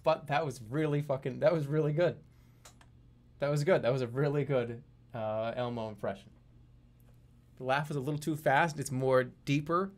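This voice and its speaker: A man streaming a geography guessing game, talking to his chat in a jokey, animated way. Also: medium pitch, moderate pace, pauses often. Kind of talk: casual live-stream commentary.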